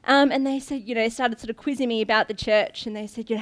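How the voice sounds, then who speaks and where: A young woman preaches in a loose, chatty way, telling stories to her church with plenty of ums and restarts. Her voice sits a little high for a woman. She talks like she's catching up with family rather than giving a formal sermon. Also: fairly even intonation, quick pace, few pauses. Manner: chatty, laughs often, many ums and restarts. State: briefly tearful. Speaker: guest preacher, pastor's daughter. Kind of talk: informal sermon storytelling.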